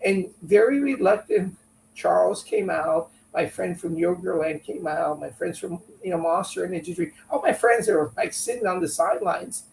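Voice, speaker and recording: A man telling a business story in an interview, animated and acting out what friends said. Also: sits high, moderate pace, gravelly. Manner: animated, acts out quotes from friends. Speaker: business owner guest. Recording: echoey room, a bit far from mic, faint hum.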